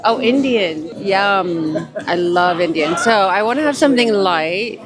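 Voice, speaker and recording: Over music, a young adult woman with an expressive, mid-range voice speaks a little slowly as she vlogs her day. Chatty and gushing, she walks through streets and shops, narrating to camera and calling her audience "darling."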